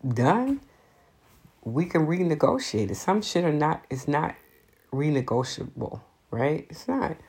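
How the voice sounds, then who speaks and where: A woman speaks in a low register with a husky edge, delivering an unscripted monologue of blunt advice. Her talk is emphatic and laced with profanity, hammering each point home. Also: darkish tone.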